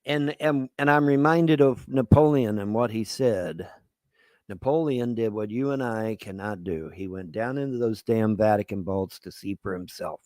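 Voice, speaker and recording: A man's voice: on the low side, moderate pace, a little mellow, dry recording. A man hosting a live-stream commentary, rambling and sarcastic with crude language, on a close desk mic. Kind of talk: casual ranting commentary.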